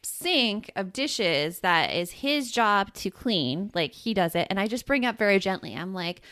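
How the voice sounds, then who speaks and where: Animated, chatty woman podcast host. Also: mid-range voice, unhurried, no room sound, studio quality. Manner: chatty and animated, laughs often. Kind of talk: casual parenting podcast chat.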